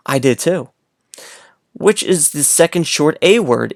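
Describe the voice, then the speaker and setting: Male teacher, unhurried, playful read-aloud host for little kids; dry, close sound. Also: sits high, lively intonation, no room sound. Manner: playful, coaxing, speaks straight to the child. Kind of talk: read-aloud lesson for young children.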